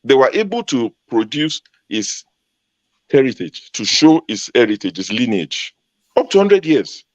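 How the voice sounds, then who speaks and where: A man's voice: mid-range voice, very animated, measured pace, no echo. A man from Ogun State in Nigeria, a panel guest arguing emphatically in a heated debate and repeating his points for force. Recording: dull lo-fi sound.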